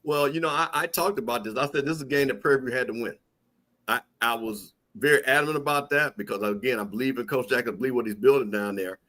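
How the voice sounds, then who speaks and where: A man's voice: mid-range voice, fast talker, a bit bright. A man with a Mississippi accent, co-hosting a sports talk show, emphatic and prone to repeating himself when he makes a point. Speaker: co-host and football analyst.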